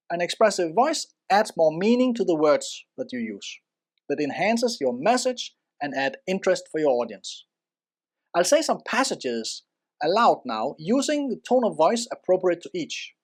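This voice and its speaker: A presenter giving a spoken lesson in instructional narration, expressive and varying loudness for emphasis. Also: mid-range voice.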